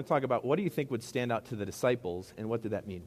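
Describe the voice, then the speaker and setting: A man's voice: medium pitch, expressive, quick pace, a little mellow. A man with a Midwestern accent preaching a sermon to a congregation in a middle school hall, talking conversationally and asking them rhetorical questions. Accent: Midwestern American. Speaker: pastor.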